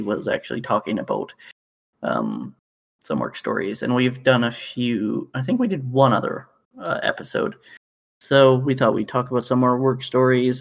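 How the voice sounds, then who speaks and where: A man's voice: medium pitch, gravelly. A man from Canada co-hosting a podcast, telling work stories in a rambling, profane way with lots of fillers and restarts. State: knee in pain. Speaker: podcast co-host. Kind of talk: casual chat.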